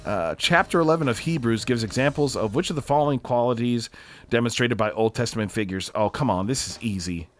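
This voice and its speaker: A man co-hosting a casual livestream chat, animated and quick to laugh. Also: mid-range voice. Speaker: livestream co-host.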